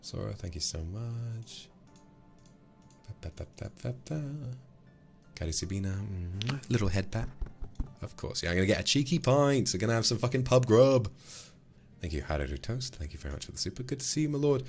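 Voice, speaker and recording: Playful man, low voice. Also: big pitch swings, fast, darkish tone, soft background music. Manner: playful, flirty, teasing. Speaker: streamer. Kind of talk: casual livestream chat, thanking donors.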